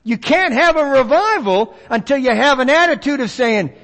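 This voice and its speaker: Man, preacher, high voice, lively swooping delivery, folksy sermon, reverberant church hall. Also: moderate pace. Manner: animated, folksy, acts out voices of others. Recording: long reverb of a large hall.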